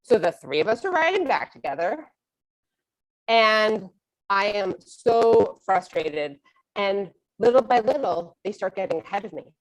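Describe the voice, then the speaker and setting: A middle-aged woman telling a personal story, animated and self-mocking, acting out her own thoughts. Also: mid-range voice, a little slow, low-quality recording.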